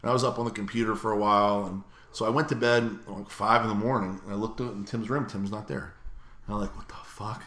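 A man hosting a podcast, telling a story in a casual, animated, profane way. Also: on the low side, quick pace. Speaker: podcast host. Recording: roomy echo.

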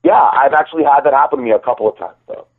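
Podcast cohost calling in, tinny phone sound, rambles and restarts a lot. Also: male voice, medium pitch, very fast. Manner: rambling storytelling, many restarts. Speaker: podcast co-host. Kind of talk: casual chat.

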